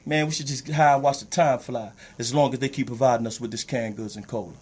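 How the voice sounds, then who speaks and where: A man's voice: mid-range voice, steady tone, fast, noisy background. A man performing spoken word poetry on a talk show, with rhythmic rhyming delivery and street slang. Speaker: spoken word poet guest.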